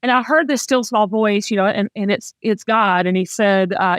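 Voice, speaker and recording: A woman's voice: mid-range voice, moderate pace, few pauses, a bit bright, dry recording, clean studio sound. A middle-aged Southern woman hosting a candid, casual talk, speaking with heartfelt emotion and frequent restarts. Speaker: host.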